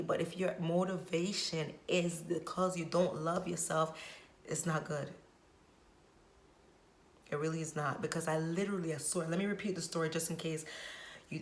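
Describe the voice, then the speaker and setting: A woman hairstylist telling a story straight to camera in a vlog, emphatic and preachy, repeating her points. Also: low-pitched. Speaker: hairstylist vlogger. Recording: roomy echo.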